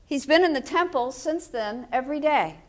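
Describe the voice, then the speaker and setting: A woman's voice: high-pitched, animated, moderate pace. An older woman pastor delivering a sermon in a storytelling way, with wry humor.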